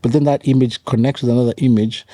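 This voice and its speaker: A man's voice: medium pitch, fairly even intonation, fast, warm tone, dry recording, studio quality. A man, a pastor and author telling stories as a podcast guest and repeating key phrases for emphasis. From Kenya. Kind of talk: conversational storytelling.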